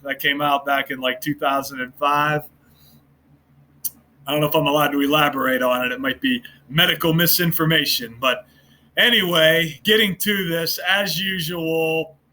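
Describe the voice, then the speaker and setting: Profane, mocking man with a bright voice. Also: a little high. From United States. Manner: profane, mocking, sarcastic, laughs at his own points. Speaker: online commentator. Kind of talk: ranting monologue to viewers.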